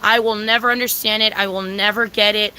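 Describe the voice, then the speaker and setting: A woman's voice: mid-range voice, fairly even intonation, a little fast, sharp tone, slight background noise, low-quality recording. A young woman vlogger telling a rant in a casual storytime style, profane and exasperated, full of "like" and "bro". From San Diego, California.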